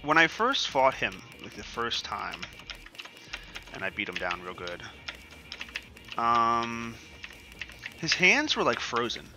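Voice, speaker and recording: Profane, animated young man ranting. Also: medium pitch, takes it slowly, long pauses, over music. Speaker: gaming streamer. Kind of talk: casual gameplay commentary.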